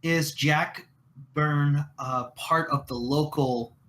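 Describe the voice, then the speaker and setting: Bright-voiced man playing a tabletop game. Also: fairly high pitch, fairly even intonation, slow. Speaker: player. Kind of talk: casual tabletop game play.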